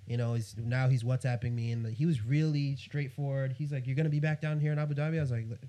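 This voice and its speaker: A man's voice: mid-range voice, fast. A young man from New York telling a story on a podcast, acting out the other person's lines in a raised voice. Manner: animated, quotes others in a raised voice. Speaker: guest photographer. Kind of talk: casual storytelling.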